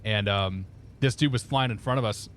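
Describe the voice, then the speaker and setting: A man's voice: on the low side, normal speed, fairly bright tone, slight background noise. A man chatting casually on a live stream, laughing often and talking through his cockpit steps. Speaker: flight sim streamer.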